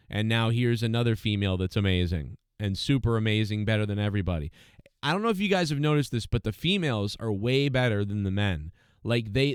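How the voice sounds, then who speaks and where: A man talking through a TV episode review in an exasperated, ranting way, often slipping into mocking paraphrase. His voice is smooth and resonant, at an ordinary middle pitch. The sound is dry and close, with no room around it. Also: no room sound. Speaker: show reviewer. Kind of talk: casual review monologue.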